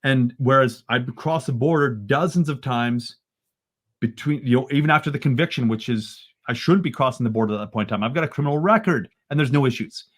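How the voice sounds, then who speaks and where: A man from Canada, a podcast guest, telling a story in an animated way that rises into excited bursts. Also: medium pitch, brisk.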